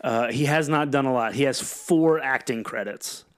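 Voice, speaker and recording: Smooth-voiced young man, casual. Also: medium pitch, normal speed. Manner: relaxed, hesitant with many ums. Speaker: podcast co-host. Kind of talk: casual chat.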